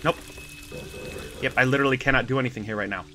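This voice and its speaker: A man giving let's play commentary, reacting with loud exclamations and swearing, and chanting spell words aloud as he plays. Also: mid-range voice, fast talker, soft background music. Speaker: gamer playing a horror puzzle game.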